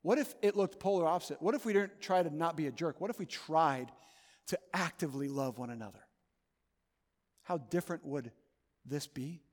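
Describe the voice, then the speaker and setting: A man preaching a sermon as pastor of his church, earnest, moving between loud urging and soft, hushed pleading. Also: fairly high pitch, moderate pace, long reverb tail. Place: church sanctuary.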